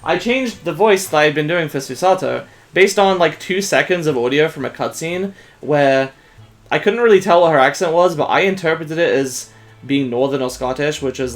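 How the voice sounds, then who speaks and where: A man hosting a game playthrough, chatting casually in a rambling, hesitant way. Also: fairly high pitch. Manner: rambling, hesitant, with fillers and laughs. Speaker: let's play host. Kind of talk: casual chat.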